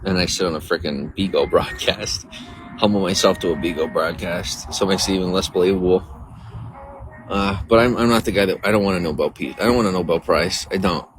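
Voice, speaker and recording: Low-voiced man rambling on a livestream. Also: fairly quick, faint music behind. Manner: rambling, talks to viewers, reads chat aloud. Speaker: livestream host. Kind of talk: casual livestream chat. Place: outdoors near a coffee shop.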